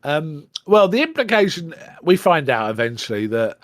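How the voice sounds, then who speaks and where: A man's voice: on the high side, normal speed, dry recording, clean studio sound. Man casually retelling a film scene. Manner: animated retelling, acting out quoted lines. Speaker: podcast co-host.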